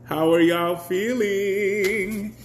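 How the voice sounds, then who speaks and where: A man's voice: high-pitched, fairly even intonation, very slow, faint music behind. A man hosting a casual live stream, chatty, greeting viewers by name and laughing often.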